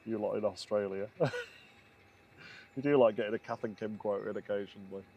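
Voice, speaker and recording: A man's voice: lowish voice, fairly even intonation, fairly quick, warm tone, dull audio. A man co-hosting a live stream in casual commentary, chatty and laughing often as he greets viewers.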